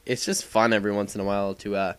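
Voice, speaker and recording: A man's voice: fairly low pitch, little pitch movement, quick pace, fairly bright tone, smooth. A young man giving casual, rambling voice-over commentary over gameplay, full of fillers and swearing. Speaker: gaming commentator.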